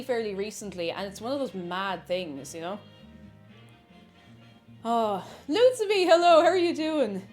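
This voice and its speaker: An Irish woman streaming live as she bakes, chatting in a rambling way and greeting viewers from chat. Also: a little high. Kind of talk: casual chat while baking on stream.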